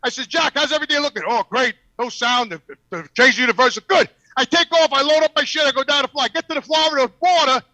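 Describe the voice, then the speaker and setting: A man's voice: extremely high pitch, quick pace, few pauses, pushed and bright, no echo. A man with a New York accent, telling a profane story by phone from his truck cab while driving. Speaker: regular guest calling in. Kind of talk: casual storytelling.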